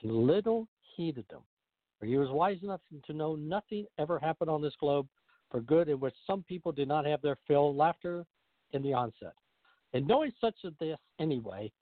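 A man hosting a radio show, reading a classic story aloud with a lively, expressive delivery. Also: fairly high pitch, no echo. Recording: narrow phone-line sound.

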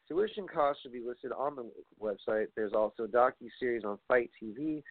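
A man's voice: medium pitch, no room sound. A man hosting a wrestling podcast, rambling casually, reading off long lists and swearing now and then. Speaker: podcast host. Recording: tinny phone-like line, dry.

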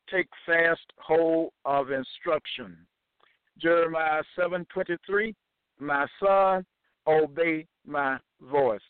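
A man teaching from scripture in a deliberate, measured way, citing each chapter and verse aloud. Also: a little high, clear, resonant tone, no echo. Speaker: bible teacher. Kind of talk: slow scripture reading and teaching. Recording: dry, tinny phone-like sound.

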